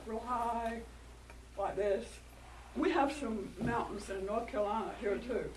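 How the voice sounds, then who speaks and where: A woman telling a folktale to children, animated and coaxing them to join in. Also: on the high side, a little slow. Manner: animated, coaxing, interactive with listeners. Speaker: storyteller. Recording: distant mic, noisy room.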